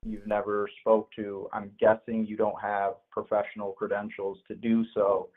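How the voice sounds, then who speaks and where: A man calling into a political show, arguing in a measured way and insisting on finishing his point. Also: lowish voice, completely flat delivery. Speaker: caller. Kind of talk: heated live call-in argument. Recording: tinny phone line.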